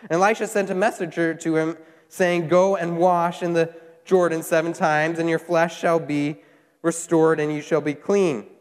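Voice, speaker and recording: Animated preacher in an echoing hall. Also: male voice, fairly high pitch, normal speed. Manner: animated, voices the characters while retelling. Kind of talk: sermon with scripture reading. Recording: long hall reverb.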